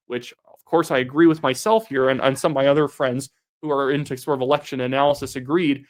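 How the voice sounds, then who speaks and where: A man's voice: mid-range voice, fairly even intonation. A young man giving solo political commentary in a combative, sarcastic manner. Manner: sarcastic, combative, rapid reactions.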